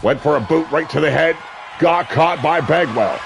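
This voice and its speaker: A man calling a wrestling match play-by-play, brash and crude, with sudden shouted bursts of excitement. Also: fairly high pitch, normal speed, vocal fry, a little hiss or hum. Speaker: wrestling commentator. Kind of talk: play-by-play commentary. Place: seated at a ringside commentary table.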